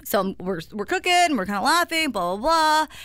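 A young adult woman co-hosting a podcast, an expressive storyteller and reactive listener in casual chat. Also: high voice, moderate pace, dry recording. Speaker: podcast co-host.

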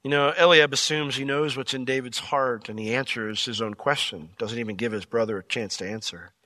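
A man pastor teaching a verse-by-verse sermon in a conversational, animated way, acting out quotes with sudden jumps in pitch. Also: a little fast, no echo, clean studio sound.

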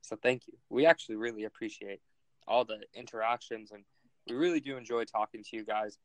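A man's voice: fairly low pitch, fairly even intonation, fairly quick, no room sound, rough recording. A man hosting a casual sports podcast, joking and teasing as he reads fan questions. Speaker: podcast host.

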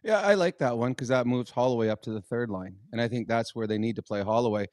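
A middle-aged man co-hosting a podcast, telling a story in a lively, animated way and loudly acting out the people he quotes. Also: mid-range voice, quick pace, dry recording, clean studio sound. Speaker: podcast co-host, former hockey player. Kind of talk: casual storytelling chat.

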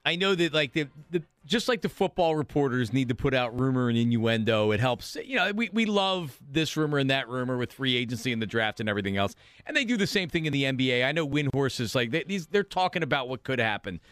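A man's voice: mid-range voice, expressive, quick pace, a bit bright, dry recording. A man hosting a sports talk radio show, chatting loosely and laughing, with rambling restarts.

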